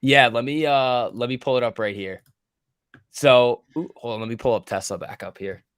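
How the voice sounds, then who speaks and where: A man's voice: mid-range voice, steady tone, normal speed, a bit bright, smooth, no echo, studio quality. A man co-hosting a live trading stream, walking through chart levels step by step in a casual way. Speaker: trading educator co-host.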